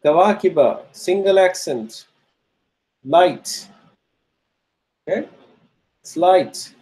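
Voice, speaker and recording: A male teacher slowly working through grammar exercises in class, repeating each answer and checking in with the students. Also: high-pitched, a little mellow, poor audio. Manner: slow and repetitive, restates each answer; checks in with "okay?" and "right?".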